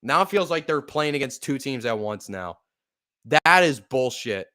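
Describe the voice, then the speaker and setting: A young man giving live, profane fan play-by-play of a football game, exasperated and bursting into loud outbursts. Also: medium pitch, lively intonation, moderate pace. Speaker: podcast play-by-play host.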